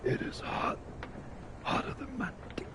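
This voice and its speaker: A man putting on a goofy, crude comic voice that he and his brother use with each other, exaggerated and gravelly. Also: unhurried, noisy background, lightly acted.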